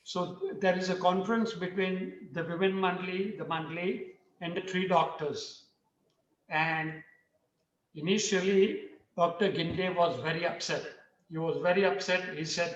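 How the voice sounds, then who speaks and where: A man's voice: high-pitched, fairly even intonation, measured pace, a bit bright. Man, earnest storytelling, repeats phrases, far from the mic, dull muffled sound. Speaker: panel speaker. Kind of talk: storytelling talk. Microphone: video call. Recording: roomy, distant, dull video-call audio.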